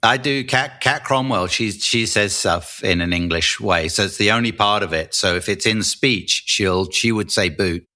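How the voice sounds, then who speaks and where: A man's voice: lowish voice, moderate pace, hardly any pauses, bright, forceful tone. A man from the UK co-hosting a podcast, chatting casually and joking, laughing easily. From United Kingdom. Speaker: podcast co-host.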